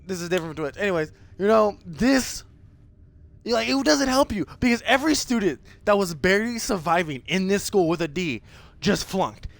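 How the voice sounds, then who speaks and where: Animated indignant streamer ranting. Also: medium pitch, moderate pace, vocal fry. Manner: indignant, keeps asking "okay?"; animated storytelling with big swings of voice. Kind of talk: storytime rant on a live stream.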